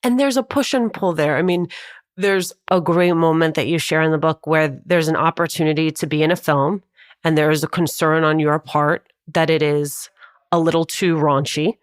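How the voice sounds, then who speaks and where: A woman podcast host asking interview questions in a measured, thoughtful way. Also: low voice, steady tone, dry recording, clean studio sound.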